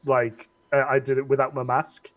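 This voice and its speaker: A man's voice: medium pitch, completely flat delivery, normal speed, lo-fi sound, a crowd in the background. Hesitant man in casual chat. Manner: hesitant, many fillers and restarts. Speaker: guest cosplayer.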